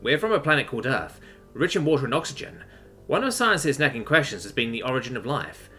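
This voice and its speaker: A man's voice: mid-range voice, sing-song, quick pace, bright, forceful tone, faint music behind. A man doing an earnest, friendly human captain.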